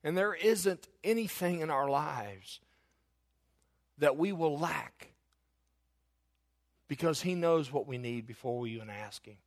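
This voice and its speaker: A man's voice: a little slow, long pauses. Man preaching a swelling sermon. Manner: storytelling, swells louder and higher on key points; restarts and repeats phrases. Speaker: pastor.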